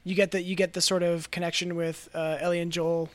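A man co-hosting a podcast, chatting casually about a video game, animated and often laughing. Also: fairly high pitch, fairly quick. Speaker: podcast co-host.

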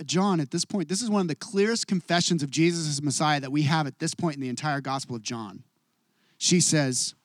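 A middle-aged male pastor with a fairly high voice delivers an expressive sermon a little fast, swinging from hushed to emphatic. The recording is dry and close, with no room sound.

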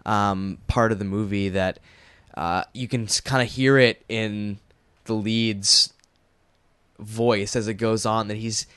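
Casual podcast co-host, male, low smooth voice, dry close sound, loose rambling delivery. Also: steady tone, takes it slowly, a bit bright, no room sound. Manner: rambling, many fillers and restarts. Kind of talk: casual chat.

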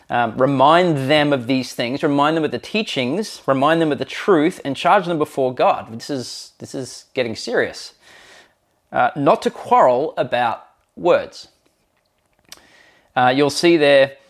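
Male pastor, mid-pitched, earnest conversational sermon delivery. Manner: earnest, conversational preaching with fillers.

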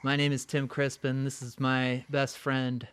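A man's voice: medium pitch, monotone, measured pace, clear, resonant tone, no echo. A man hosting a podcast in a jokey, laid-back chat. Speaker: podcast host. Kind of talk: casual chat.

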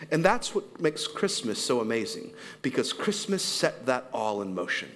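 A man in his thirties preaching a sermon in a church, telling a family story with lively acted-out quotes and laughter. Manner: animated storytelling, acts out quotes with big pitch jumps, laughs along. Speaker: pastor. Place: church sanctuary.

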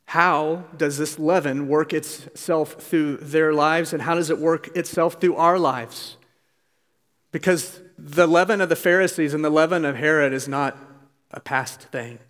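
A man's voice: fairly high pitch, steady tone, a little slow, a bit bright. A man preaching a sermon as pastor, earnest and pleading, with emphatic urgency. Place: church sanctuary. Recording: long reverb of a church hall.

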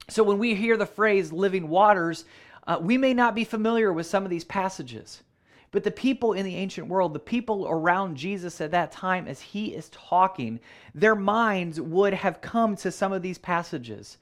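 A man preaching a sermon, earnest, repeating phrases for emphasis and slowing down on key words. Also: sits high. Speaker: pastor.

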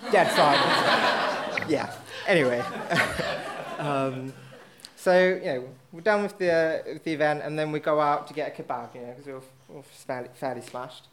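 A man's voice: fairly high pitch, moderate pace, noisy background. Rambling man telling a pub anecdote. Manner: rambling, filler-heavy, self-mocking. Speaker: storyteller at a live event. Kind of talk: casual anecdote.

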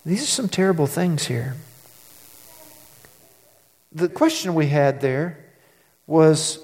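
A man's voice: a little high, expressive, slow pace, long pauses, darkish tone, in a large hall. A man delivering a sermon as a pastor, conversational and storytelling, with dramatic emphasis on key words.

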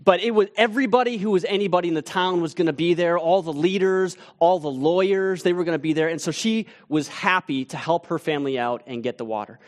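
A man with a fairly high voice preaches by telling a story, casual and conversational with small restarts. At tense moments he drops almost to a hush. It sounds like a church teaching-team pastor opening a sermon. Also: fast, hardly any pauses.

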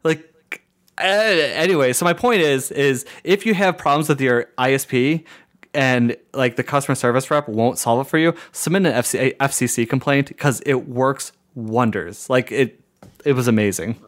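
A podcast co-host and streamer tells a story in casual chat, his mid-range voice moving at a normal speed. He's animated, acting out the people he quotes, stuffing his talk with "like," and laughing between lines.

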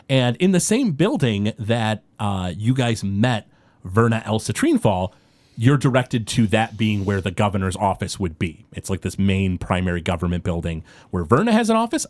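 Lively-voiced man running a tabletop game. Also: fairly low pitch. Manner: loose, many "uh" fillers. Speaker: game master.

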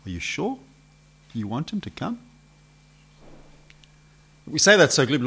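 A man preaching an expository sermon, posing rhetorical questions to his listeners and swinging from loud emphasis to hushed questions. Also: on the high side, big pitch swings, a little slow, gravelly, pauses often, slightly rough.

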